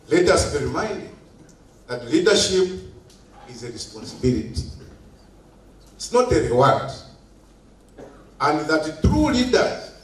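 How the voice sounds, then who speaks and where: Slow, emphatic man in an echoey hall. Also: on the high side. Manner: slow, emphatic, repeats key phrases. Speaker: government official giving an opening speech. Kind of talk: formal ceremonial speech. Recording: echoey hall, heard from a distance.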